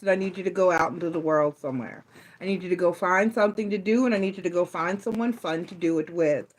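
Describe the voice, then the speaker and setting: A woman's voice: medium pitch, rough recording. Chatty woman reading tarot. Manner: chatty, playful, teasing with repeated urgings. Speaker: tarot reader.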